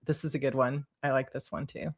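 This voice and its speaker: A woman's voice: extremely low pitch, fairly even intonation, a little fast. A woman author hosting a casual livestream, bubbly and giggly, reading viewer comments aloud.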